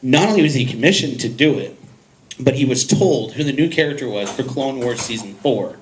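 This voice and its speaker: A man's voice: medium pitch, brisk, a little hiss or hum, low-quality recording. A man on a podcasting panel telling a casual story to the audience, acting out the voices of people in it and laughing often. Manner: animated, acts out voices in his anecdotes, laughs often. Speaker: podcast host on a convention panel.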